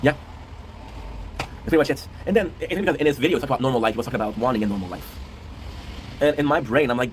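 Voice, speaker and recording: Young male streamer, rapid casual rambling, faint noise behind. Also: medium pitch. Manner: rambling, repeats phrases and restarts, swears casually. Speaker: gaming YouTuber host. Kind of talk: casual rambling talk to camera.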